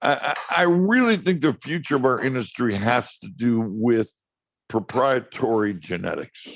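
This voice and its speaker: A man's voice: mid-range voice, lively intonation, normal speed, no echo. A chatty man tells rambling stories as an interview guest, tripping over his restarts. His voice arrives dry and slightly dull over a video call. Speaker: cannabis farmer guest. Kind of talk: casual interview storytelling. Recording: muffled dry online call audio.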